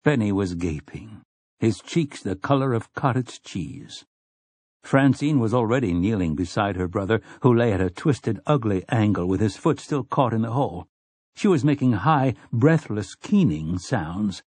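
A man reading a novel aloud as an audiobook narrator in measured storytelling. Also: fairly low pitch, lively intonation, darkish tone, husky, no echo. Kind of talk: scripted narration.

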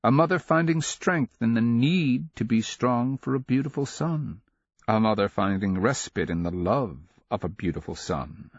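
A man narrating a fantasy audiobook in a measured, dramatic storytelling manner. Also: medium pitch, animated, breathy edge, dry recording, muffled recording.

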